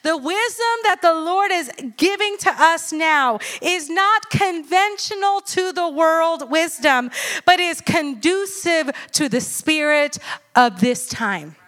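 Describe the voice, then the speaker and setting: A woman in her thirties preaching a sermon in an animated, chatty way, often checking in with her listeners. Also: very high-pitched, takes it slowly. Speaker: church speaker.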